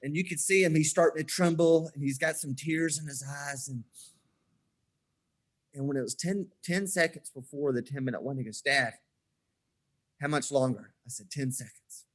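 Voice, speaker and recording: A man's voice: fairly high pitch, moderate pace. A man in his forties, a podcast guest, telling stories in a casual chat and acting out the dialogue as he goes. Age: 40s. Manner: animated storyteller who acts out quoted dialogue.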